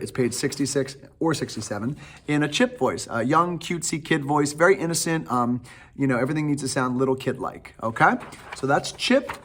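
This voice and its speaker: A man's voice: mid-range voice, fairly bright tone. A man, a theatre director, giving casual, enthusiastic audition instructions with plenty of fillers.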